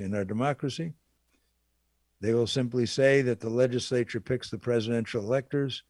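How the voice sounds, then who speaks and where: A man delivers an impassioned political speech, piling up rhetorical questions and repeating his key phrases for emphasis. His voice sits at an ordinary male pitch, and the recording is dry and close with no room sound. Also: a little mellow, dry recording. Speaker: political speaker.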